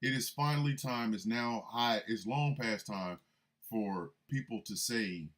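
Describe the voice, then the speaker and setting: A man hosting a radio show, delivering a comedic rant with an animated, incredulous manner and sudden loud outbursts. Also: mid-range voice, a little slow.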